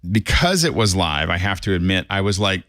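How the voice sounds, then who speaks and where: A man's voice: sits low, sing-song, fairly quick, a bit bright, no echo, clean studio sound. A man on a tech talk panel who tells stories and acts out his own reactions as he goes. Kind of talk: casual chat.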